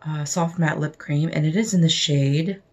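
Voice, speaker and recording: Low-voiced gushing woman vlogger. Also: normal speed. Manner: gushing, excited, breaks into gasps and soft whispers. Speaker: beauty vlogger unboxing mail. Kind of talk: casual unboxing chat.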